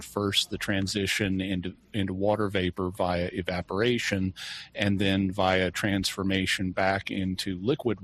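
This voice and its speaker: Measured low-voiced man explaining. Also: fairly bright tone, slight background noise. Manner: measured, precise, dry wit. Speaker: show regular answering questions. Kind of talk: explanatory talk.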